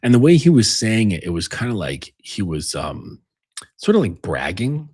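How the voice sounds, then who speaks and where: Very husky low-voiced man. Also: sing-song, moderate pace, a little mellow. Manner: rambling, blunt and profane, with many fillers. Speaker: relationship coach. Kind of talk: casual advice monologue.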